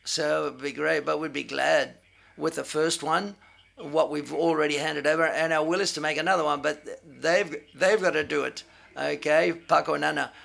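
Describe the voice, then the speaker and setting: A man with a slightly raised, gravelly voice fields press questions. He speaks haltingly, restarting phrases as he searches for the right words. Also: on the high side, steady tone, a bit bright. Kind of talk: press conference answers.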